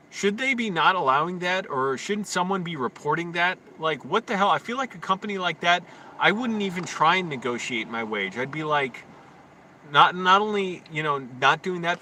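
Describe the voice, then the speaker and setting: A young man live-streaming outdoors in a park on his phone, rambling to his chat and often ranting loudly. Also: on the high side, a little hiss or hum. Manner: rambling, quick to rant and get loud.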